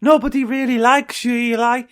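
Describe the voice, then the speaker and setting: A man voicing a chirpy, fussy male duck in a high put-on voice for a comic improvised story. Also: steady tone, normal speed, fairly bright tone, clear, resonant tone. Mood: preachy.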